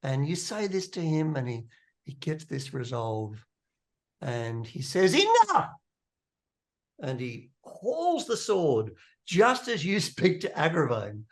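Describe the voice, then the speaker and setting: A man narrating as game master for a tabletop role-playing game, rambling and excitable. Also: on the high side, takes it slowly.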